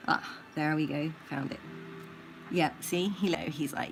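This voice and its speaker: A woman livestreaming as she grooms her pet rabbit at home, talking in soft cooing baby talk and sometimes dropping to a whisper. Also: low-pitched, fairly even intonation, a little slow, creaky, over music.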